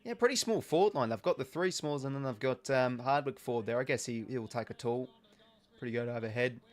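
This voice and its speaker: In a mid-range voice at a fairly quick clip, a young Australian man chats through a game during a casual live watch-along. He reads out what viewers comment, and his speech is heavy with filler.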